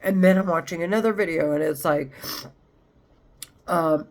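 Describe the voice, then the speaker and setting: A woman's voice: fairly low pitch, normal speed. A woman talking straight to camera in a rambling, agitated monologue, swearing often. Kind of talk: monologue vlog.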